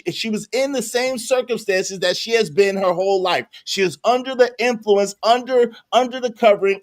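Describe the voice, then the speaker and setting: A man co-hosting a podcast, arguing in a heated debate, emphatic and repeating himself to hold the floor. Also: high voice. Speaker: podcast co-host.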